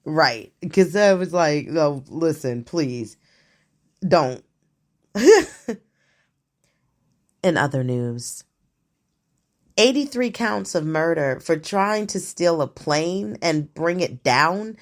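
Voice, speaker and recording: Woman host, solo casual rant, unhurried delivery with big swings in pitch, blunt and swearing freely. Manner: profane, blunt and animated, laughing often. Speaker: host of her own show. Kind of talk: casual monologue on current events.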